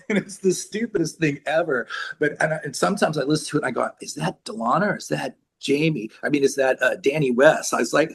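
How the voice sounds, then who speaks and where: An older man with a husky voice, chatting casually as an interview guest, rambling through stories and acting out sounds and quotes. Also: fairly high pitch, fairly quick. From San Francisco Bay Area. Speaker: rock singer, interview guest.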